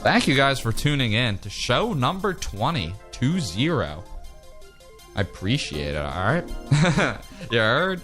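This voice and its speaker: A man's voice: medium pitch, sing-song, slow, a bit bright, soft background music. A young man hosting a college radio sports show, chatting casually and rambling as he reads out odds and predictions. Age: young adult. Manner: rambling, easygoing, trails off mid-sentence.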